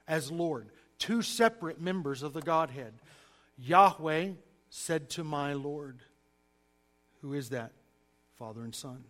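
Southern guy preaching a bible lesson, kinda high voice, punchy and animated, lots of asides. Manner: animated, emphatic, folksy asides. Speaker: preacher teaching a class. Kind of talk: sermon-style Bible teaching.

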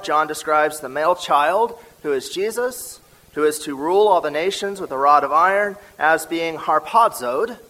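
Bright-voiced emphatic male preacher. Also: a little high, poor audio. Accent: American Midwestern. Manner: emphatic, slows down to stress key words. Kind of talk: sermon teaching.

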